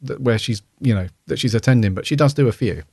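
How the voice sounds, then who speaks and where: A man's voice: medium pitch, fast, gravelly, mellow, husky, no echo, studio quality. A man co-hosting a podcast, chatting casually and telling stories with animation. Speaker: podcast co-host. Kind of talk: casual chat.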